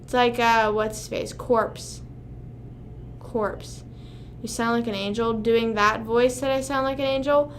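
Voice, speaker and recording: A young woman chats loosely with her livestream audience, her voice sitting a little high. She rambles, second-guesses herself and swears freely, over a faint steady hiss. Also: unhurried. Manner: rambling, swears often, talks to chat. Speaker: livestream host. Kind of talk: casual livestream chat.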